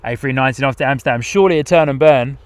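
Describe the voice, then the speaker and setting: A man hosts a live plane-spotting stream from outdoors at an airport. His voice sits at an ordinary middle pitch. He chats loosely and reads out viewer comments, laughing often between remarks. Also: racing, no room sound.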